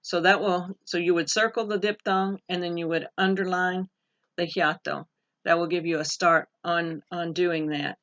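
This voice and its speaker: A woman teaching a recorded online pronunciation lesson, reading word lists slowly and carefully with pauses and fillers. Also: fairly low pitch, fairly even intonation, fairly bright tone. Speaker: Spanish teacher. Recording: dull lo-fi recording.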